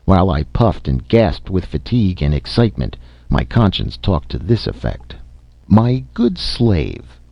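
A man's voice: sits low, very animated, normal speed, gravelly, no room sound, dull audio. A man narrating a classic story in a dramatic, theatrical audiobook reading.

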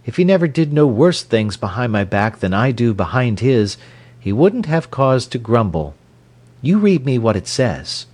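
A man reading aloud, voicing a bitter, mocking farm wife with a shrill, scornful manner. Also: very animated, normal speed, a little mellow.

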